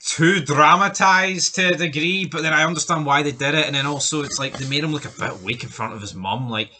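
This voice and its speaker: A man's voice: a little high, a little fast, pushed and bright. A man co-hosting a casual chat, opinionated and steering the talk, often stumbling over his first words. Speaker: podcast co-host. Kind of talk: casual chat ranking TV deaths.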